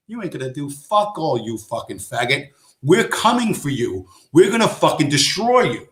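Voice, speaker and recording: A man's voice: fairly high pitch, sing-song, moderate pace, fairly bright tone, reverberant. A man hosting a stream, ranting in a profane, aggressive, sarcastic way. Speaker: stream host. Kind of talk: ranting live-stream commentary.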